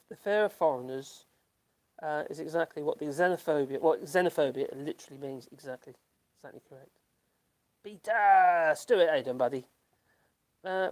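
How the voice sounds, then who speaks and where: An older Norfolk man runs a laid-back livestream, reading out chat comments in a meandering, stop-start way packed with ums and laughter. His voice sits fairly high with a darkish tone.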